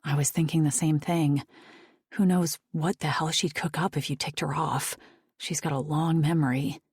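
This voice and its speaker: Casting: an evasive, secretive woman read by a woman narrator, low husky tone, dry close sound. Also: fairly even intonation, moderate pace, dry recording. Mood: guarded. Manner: evasive, quiet. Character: guarded, secretive woman, old friend.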